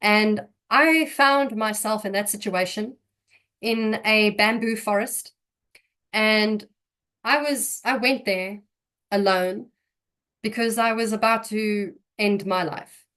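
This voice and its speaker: A young woman telling her personal faith testimony in an emotional, halting way, often restarting her sentences. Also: mid-range voice, fairly even intonation, a bit bright. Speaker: guest giving testimony.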